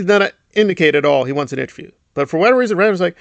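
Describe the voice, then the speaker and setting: A man's voice: sits high, animated, rapid-fire, creaky, few pauses, no echo, lo-fi sound. A middle-aged man giving a sarcastic, indignant commentary, often mocking others with put-on voices. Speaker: commentary YouTuber. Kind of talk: ranting commentary.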